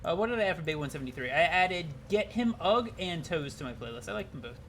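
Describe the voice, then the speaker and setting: Casual male streamer, swears a lot, bouncy high voice. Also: animated, quick pace, a bit bright, slight background noise. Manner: rambling, swears freely, talks to chat. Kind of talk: casual live-stream gaming chat.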